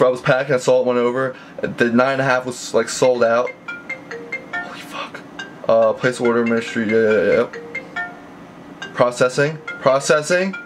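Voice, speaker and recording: Rambling excitable young man vlogging. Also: medium pitch. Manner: rambling, excitable, stammering restarts. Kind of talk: casual vlog to camera. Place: messy bedroom being packed up.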